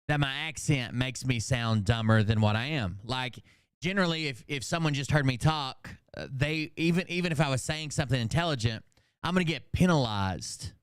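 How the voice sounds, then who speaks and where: Rambling, joking, and swearing heavily, this Southern US livestream host in his 30s speaks in a medium-pitched, fairly bright, clean voice. The commentary is loose and casual. Audio is dry and studio quality.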